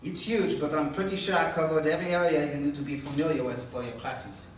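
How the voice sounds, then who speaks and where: An actor playing a brash young French student who speaks with a French accent, theatrical and teasing, in a staged reading recorded echoey and from a distance. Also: male voice, on the high side, fast talker, a little hiss or hum, close to an everyday voice. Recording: echoey room from far off.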